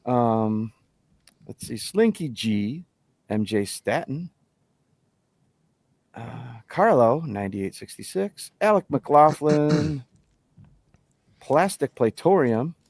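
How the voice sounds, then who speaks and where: A man's voice: mid-range voice, sing-song, slow pace, pauses often, a little mellow, no echo. A man co-hosting a live show, chatting casually and reading out viewer names with laughs. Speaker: co-host of a livestream show.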